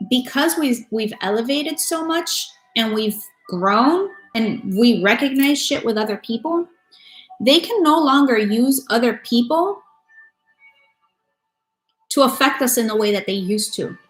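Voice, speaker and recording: A woman giving a casual tarot reading to her viewers, talking bluntly and with a lot of swearing. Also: fairly high pitch. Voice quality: blunt and profane. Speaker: tarot reader. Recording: echoey room with faint music.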